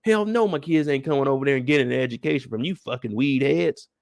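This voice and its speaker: A man voicing a furious, foul-mouthed middle-aged mother who yells and curses in shrill outrage. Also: fast, gravelly, no room sound, clean studio sound, close to an everyday voice.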